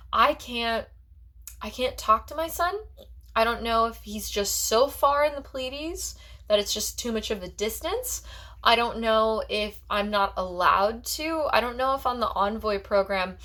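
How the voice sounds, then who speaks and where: A woman's voice: on the high side, a bit bright. A woman talking as a psychic in a personal vlog monologue. She rambles in a heartfelt way and fills her talk with "like" and restarts.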